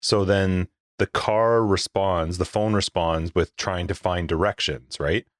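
A man's voice: deep voice, steady tone, measured pace, dry recording. A man hosting a casual podcast, rambling and laughing easily into a close mic. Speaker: podcast host.

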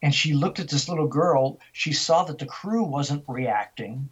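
Husky older man telling a story. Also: a little high, a little slow, highs cut off. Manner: animated storyteller, frequent restarts and repetitions. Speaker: interview guest. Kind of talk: storytelling in a radio interview.

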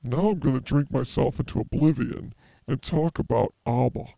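A man's voice: mid-range voice, normal speed, creaky, mellow, no echo. Crude, joking man in his fifties. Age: 50s. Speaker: podcast co-host. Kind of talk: casual comedic podcast banter.

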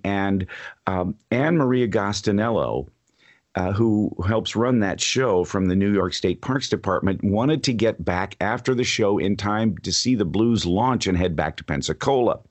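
Low-voiced man recounting a story. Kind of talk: casual conversation.

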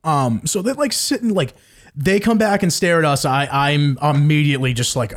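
A man's voice: on the high side, normal speed. A man in casual podcast chat, telling a rambling story and swearing often.

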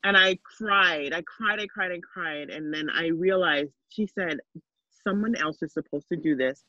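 Interview guest, woman; earnest, emotional storyteller with restarts; slightly low pitch, dull dry recording. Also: measured pace, bright, forceful tone, no echo. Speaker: interview guest, mother of five. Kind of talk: personal story in conversation.

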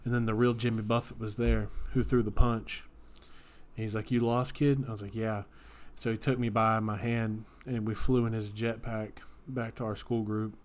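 A man with a low, flat voice spins ridiculous tall tales in a relaxed podcast chat. His delivery stays deadpan and even, never cracking as the story gets wilder. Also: moderate pace. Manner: deadpan, straight-faced storytelling of absurd tales. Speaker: podcast co-host.

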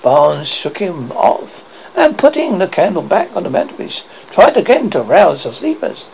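A man reading a horror story aloud as host, with a dramatic, expressive delivery. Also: sits high, moderate pace, vocal fry, a little hiss or hum. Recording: dull lo-fi recording.

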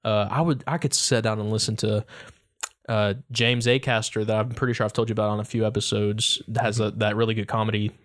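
A young man co-hosting a podcast, chatting casually in an animated, rambling way with lots of restarts. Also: on the low side, fairly quick. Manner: animated, rambling, trying on accents. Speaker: podcast co-host. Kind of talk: casual chat.

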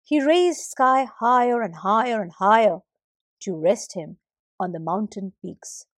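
A woman narrating a myth as a storyteller, in a gently expressive way. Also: mid-range voice, measured pace, no echo, clean studio sound.

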